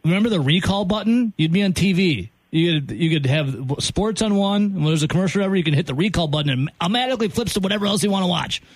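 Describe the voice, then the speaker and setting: Sports radio host, male, husky and high-pitched, animated exasperated rants. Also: fast, few pauses, dry recording. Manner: exasperated ranting, voice jumping high when worked up. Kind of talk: sports talk radio banter.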